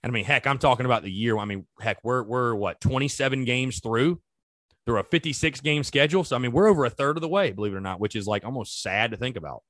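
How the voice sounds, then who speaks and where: A man's voice: mid-range voice, fast, a bit bright, dry recording. A man hosting a sports podcast, talking casually and animatedly straight to his listeners. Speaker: podcast host. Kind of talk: solo sports podcast talk.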